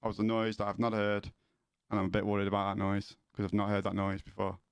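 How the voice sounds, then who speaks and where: A man's voice: fairly low pitch, monotone, fast, clear, resonant tone, no echo. A man streaming, chatting casually with viewers in a rambling way, with many restarts and questions to chat.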